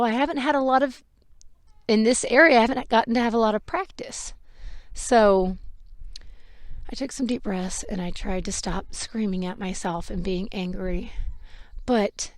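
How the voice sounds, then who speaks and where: A woman's voice: fairly high pitch, no echo, studio quality. Candid woman telling a personal story. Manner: candid and self-reflective, with lively quoted dialogue. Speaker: podcast host.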